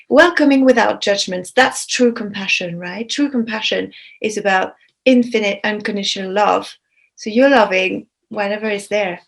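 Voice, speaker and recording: A woman speaking softly as a guest speaker in a webinar, repeating her words as she gives gentle advice. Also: medium pitch, vocal fry. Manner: soft, repeats words, warm-hearted phrasing.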